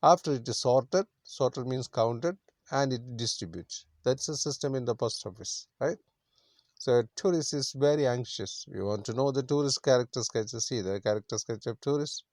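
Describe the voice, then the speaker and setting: A man's voice: mid-range voice, moderate pace, a little mellow, dry recording. A man teaching an English story lesson, explaining words simply and repeating himself with many fillers. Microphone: screen recording.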